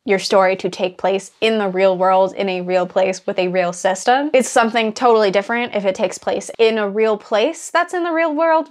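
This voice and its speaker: A young woman from the United States giving a casual, chatty lesson on storytelling, with frequent filler words and lively jumps in pitch. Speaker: writing tutor. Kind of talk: casual explanatory talk.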